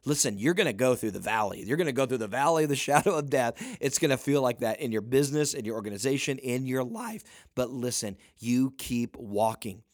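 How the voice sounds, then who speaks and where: A man's voice: medium pitch, animated, fairly quick, few pauses, no room sound, studio quality. A man giving a motivational talk as a leadership coach, emphatic, often saying "listen" and pushing his voice up at the peaks. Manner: emphatic, repeats "listen", rising to near-shouting peaks.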